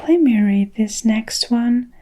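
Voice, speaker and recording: A curious young girl speaks briskly, played by a woman in a soft whispered role-play. The whisper is slightly raised but stays hushed. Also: a little high.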